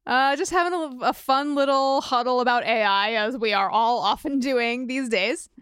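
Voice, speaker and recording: A woman with a high voice co-hosts a casual podcast recapping a TV episode. She drops wry, joking asides. The recording sounds dry and close. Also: moderate pace, fairly bright tone, clean tone, no echo. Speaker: podcast co-host.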